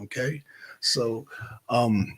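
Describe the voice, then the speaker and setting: A man's voice: mid-range voice, very slow. A man hosting a livestream, talking in a loose, rambling way and calling out viewers by name. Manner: rambling, loose and talkative, shouting out viewers in chat. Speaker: livestream host. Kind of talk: casual livestream chat. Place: Atlanta, Georgia.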